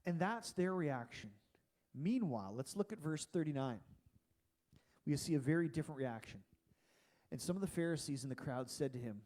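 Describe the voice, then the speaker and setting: A man preaching a casual, animated sermon in a church, with frequent restarts. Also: fairly high pitch, moderate pace, pauses often. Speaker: pastor.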